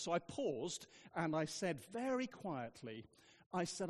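A man's voice: sits high, sing-song, measured pace, big-room sound. A man preaching a sermon, telling funny stories with dry asides, in a church. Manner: humorous storytelling, dry asides.

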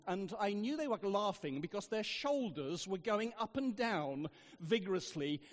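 Man, preacher, sermon, humorous storytelling, high voice, church hall reverb. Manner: humorous storytelling, dry asides.

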